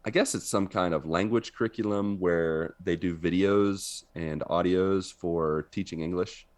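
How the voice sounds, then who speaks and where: A man co-hosting a podcast, telling an animated story in casual chat and laughing often. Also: low-pitched, a little slow. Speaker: podcast co-host. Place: living in Brazil.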